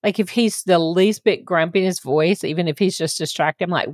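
A woman's voice: lowish voice, fairly even intonation, normal speed, few pauses, no room sound, clean studio sound. A woman co-hosting a casual chat, frank and emphatic as she talks about her pet peeves.

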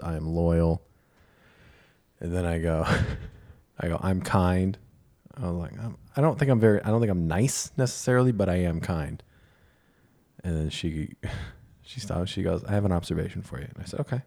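Wry, laughing man with a low voice. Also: creaky, dark tone. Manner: wry, laughing, swears freely. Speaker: podcast co-host. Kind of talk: casual storytelling chat.

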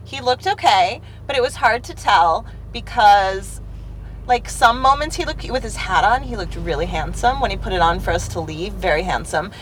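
A woman's voice: mid-range voice, expressive, moderate pace, low-quality recording. A woman co-hosting a podcast, chatting casually and swearing freely with many fillers, inside a moving car. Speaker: podcast co-host. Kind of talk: casual chat, telling a dating story. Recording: road noise from a car.

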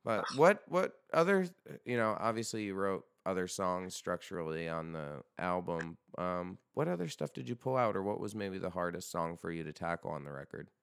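A man's voice: low voice, very animated, moderate pace, vocal fry, hardly any pauses, a bit bright, smooth, dry recording, studio quality. A young man hosting a podcast in a loose, rambling chat, swearing freely and joking about his band. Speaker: podcast host and band vocalist. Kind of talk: casual chat.

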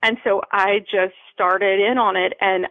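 A woman's voice: medium pitch, steady tone, a little slow, dry recording. A woman from Florida, a podcast guest, tells an emotional personal story in an earnest way and repeats phrases for emphasis. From Florida, USA. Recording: phone-like line, dry.

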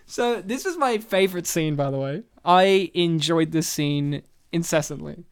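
A man's voice: on the high side, expressive, unhurried, clean tone. A man co-hosting a casual film chat, joking around and spinning absurd made-up stories, often laughing as he talks. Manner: laughs often while talking. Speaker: podcast co-host reviewing films.

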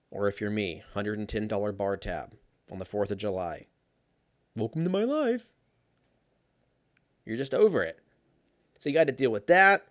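A young man telling a casual story in a sarcastic, profane, animated way. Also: fairly low pitch, no room sound, studio quality.

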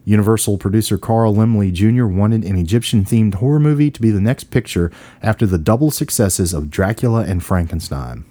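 His voice is lowish and warm, recorded with no echo. As podcast host, he keeps the talk casual and jokey, teasing his co-host as they go through an old horror film.

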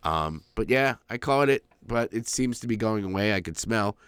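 A man's voice: lowish voice, animated, normal speed, fairly bright tone, clear, resonant tone, dry recording. A man co-hosting a crude casual podcast, rambling through profane stories and laughing often, a little stuffy from a cold. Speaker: podcast co-host.

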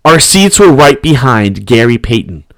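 A man's voice: mid-range voice, big pitch swings, moderate pace, a bit bright, dry recording, studio quality. A young man telling a story in casual, profane, slang-heavy speech, laughing often.

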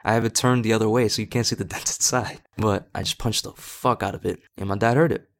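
A man's voice: on the low side, steady tone, brisk, vocal fry. A young man hosting a podcast, candidly telling a personal story in a rambling way, swearing a lot. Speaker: podcast host.

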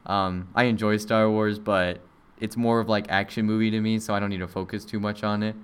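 A young man chatting casually, telling an animated, rambling story with many fillers and mimicking people in high voices. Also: brisk, clean tone. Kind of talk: casual chat.

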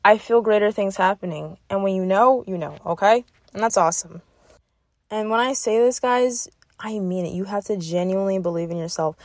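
A woman's voice: mid-range voice, fairly quick, a little mellow, dry recording, studio quality. A young woman hosting a motivational podcast, speaking in an encouraging way and often checking in with "okay?". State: getting emotional. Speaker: podcast host.

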